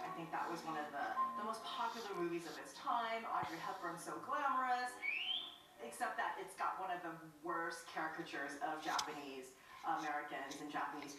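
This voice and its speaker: Chatty woman, distant and echoey. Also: lowish voice. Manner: conversational, animated, with frequent fillers. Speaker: interviewee. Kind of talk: documentary interview.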